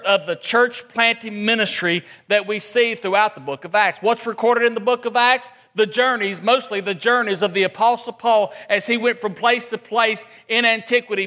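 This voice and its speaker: A man's voice: high voice, bright, forceful tone, big-room sound. A man preaching a sermon as pastor, asking rhetorical questions and repeating points for emphasis.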